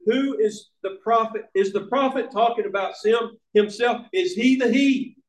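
A man preaching a sermon, slow and emphatic, repeating words for stress. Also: very high voice. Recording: echoey room.

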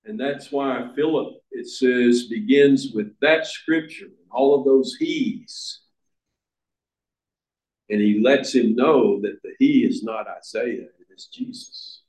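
A man preaching a sermon, slow and emphatic, repeating words for stress. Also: mid-range voice, darkish tone. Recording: echoey room.

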